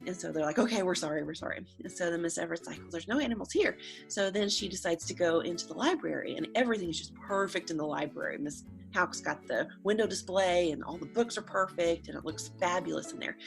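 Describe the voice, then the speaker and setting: A woman's voice: on the low side, fast talker, gravelly, few pauses, faint music behind. A woman telling a lighthearted story to students in a casual, chatty way, acting out quotes with "she's like". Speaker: school staff storyteller.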